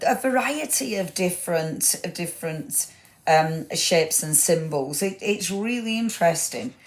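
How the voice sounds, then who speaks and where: A woman's voice: on the low side, a little mellow. A woman hosting a live craft product showcase, gushing over papers and chatting to viewers by name. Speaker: craft shop host.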